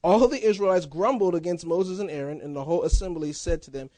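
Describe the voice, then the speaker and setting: A man preaching a sermon as pastor, in a lively, conversational style with casual banter. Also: high-pitched, fast talker, hardly any pauses, no room sound. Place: church.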